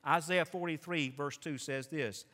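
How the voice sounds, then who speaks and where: A man preaching a sermon, animated, building to loud emphatic passages. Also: a little high, a little slow. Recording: long hall reverb.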